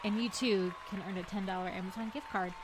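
A woman co-hosting a casual podcast, upbeat and quick to laugh as she reads listener comments. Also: medium pitch, steady tone, a little hiss or hum. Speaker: podcast co-host. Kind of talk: casual chat.

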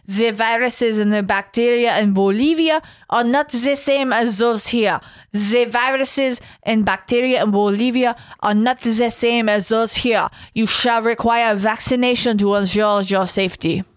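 A man voicing a sinister, smooth-talking middle-aged male doctor with a faint put-on Austrian-like accent, slow and formal. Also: very high voice, pitched above the performer's own voice. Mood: falsely soothing. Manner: slow, formal, overly reassuring.

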